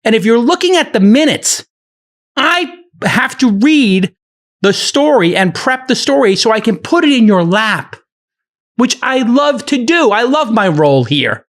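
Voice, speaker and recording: Animated ranting man on a podcast. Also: very high voice. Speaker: podcast moderator. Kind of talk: heated podcast argument.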